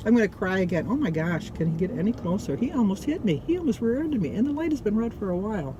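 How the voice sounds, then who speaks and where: A woman's voice: medium pitch, big pitch swings, fast talker, few pauses, dark tone, rough recording. A woman in her sixties, talking in a rambling, heartfelt way as she vlogs from her car, tearful at times. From United States. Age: 60s. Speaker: vlogger. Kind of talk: emotional casual vlog. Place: in a car stopped in traffic. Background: traffic and outdoor noise.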